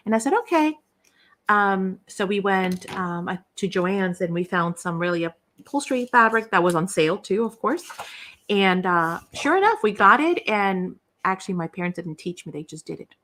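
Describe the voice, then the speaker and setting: A woman's voice: medium pitch, normal speed, fairly bright tone. Chatty middle-aged woman telling a story. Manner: chatty storyteller acting out quoted dialogue; self-deprecating, folksy fillers. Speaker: craft channel host. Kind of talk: casual livestream chat.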